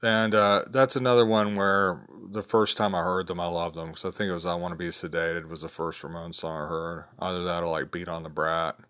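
A man's voice: level tone, brisk, hardly any pauses, a bit bright. A man in his fifties talking casually and rambling through his favorite picks, with plenty of fillers and restarts. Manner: rambling, low-key, many fillers and restarts. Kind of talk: casual spoken list of favorites.

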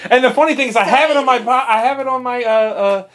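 A man's voice: very high-pitched, quick pace, background noise. A man co-hosting a podcast in a casual, rambling way, with frequent fillers and restarts. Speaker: podcast co-host. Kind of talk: casual chat.

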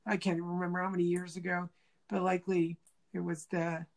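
A woman with a lowish voice talks fast in a relaxed interview. Her storytelling is animated, she voices the people she quotes, and she frequently backs up to restart a phrase while thinking aloud.

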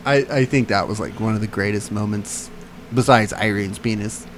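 A man's voice: lowish voice, fairly even intonation, normal speed, a little hiss or hum. A man in casual chat, adding dry joking asides to a friend's story.

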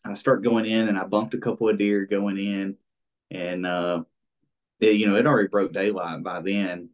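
A man telling a hunting story in a casual interview, rambling with lots of fillers and acting out what people said. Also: lowish voice. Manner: rambling and animated, many fillers, acts out quoted speech. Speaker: interview guest, bow hunter.

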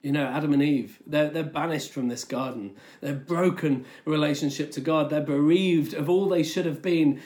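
A preacher delivers a sermon in a relaxed, conversational way. The speaker tells stories and makes points in plain, chatty speech, often reaching for filler words. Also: medium pitch, moderate pace, hardly any pauses.

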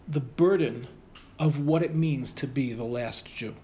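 A middle-aged man telling an anecdote to an audience in an animated way, acting out the people in it. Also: medium pitch, unhurried. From United States. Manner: animated, acts out the voices of the people in his stories. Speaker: storyteller.

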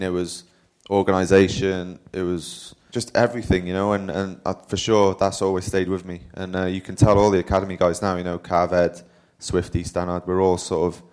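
Speaking in a low, darkish voice that's clear and resonant, a young Welsh cyclist who races professionally guests at a live talk. He tells casual, meandering stories and is quick to put himself down.

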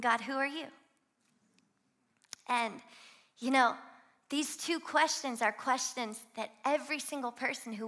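Bright high-voiced woman preaching. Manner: emphatic, conversational preaching. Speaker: guest preacher. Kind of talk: sermon. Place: live church gathering.

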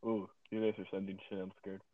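A man chatting casually on a podcast call, cursing often and quick to get frustrated and rant. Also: low voice, flat delivery, dry recording. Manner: cursing, easily frustrated, ranting. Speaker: podcast co-host. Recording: tinny phone-like line.

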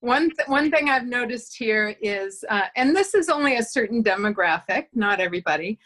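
A woman's voice: fairly high pitch, expressive, normal speed, a bit bright. A woman from the United States chatting casually, thoughtful with dry remarks and frequent fillers. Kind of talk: casual chat.

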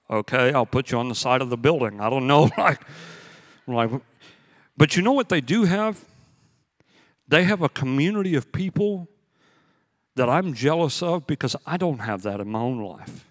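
A man's voice: medium pitch, expressive, normal speed. A man preaching a sermon as pastor, telling stories in a conversational way and hammering points home by repeating them. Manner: conversational storytelling with emphatic repetition. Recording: long hall reverb.

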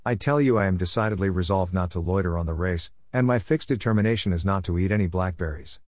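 A quarrelsome, boastful champion from an old folk tale, sneering at his rival in a high and mighty tone, as a man reads him aloud. The voice sits low and is heard close and dry, with no room sound. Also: fast, a little mellow, no room sound, natural voice. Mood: indignant. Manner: haughty and scornful. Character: proud, quarrelsome male champion runner.

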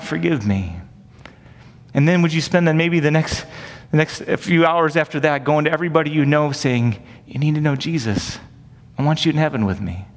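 A man's voice: fairly high pitch, in a large hall. A man preaching a sermon in an earnest, conversational way, often asking rhetorical questions. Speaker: pastor. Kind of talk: sermon teaching.

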